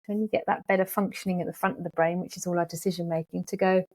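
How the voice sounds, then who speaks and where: A woman's voice: lowish voice, quick pace. A woman psychologist, talking animatedly as an interview guest and acting out anxious thoughts. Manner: lively, animated, acts out thoughts in quoted voices. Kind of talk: casual interview talk.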